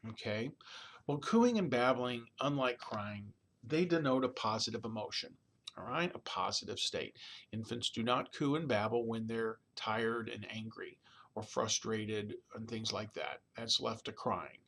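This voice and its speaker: A man's voice: lowish voice, measured pace, fairly bright tone. A man giving a recorded college lecture in a conversational way, often checking in with "all right?" and "okay?", sometimes imitating baby babble. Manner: demonstrates baby babbling sounds.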